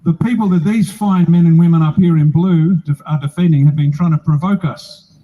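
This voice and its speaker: A man's voice: a little high, fairly quick, lo-fi sound. An older man with an Australian accent, giving a blunt, rousing, joking speech at an outdoor rally. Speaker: political speaker at a rally.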